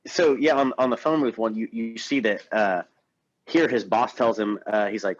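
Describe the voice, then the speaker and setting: A man co-hosting a podcast, talking earnestly about a film in a casual, halting way. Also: on the low side, dry recording, muffled recording. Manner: earnest, many restarts. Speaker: podcast co-host.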